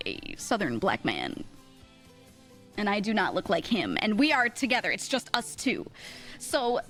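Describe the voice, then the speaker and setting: A young woman streamer telling a story in casual chat, animated, laughing often and full of fillers. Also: medium pitch.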